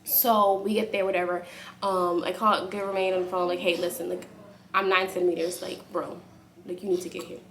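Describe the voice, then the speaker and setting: A woman's voice: lowish voice, fairly quick. Young woman vlogging at home, telling a story real casual, lots of likes, slight background hiss. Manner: animated, acts out quotes in a raised voice; speaks softly aside to her baby.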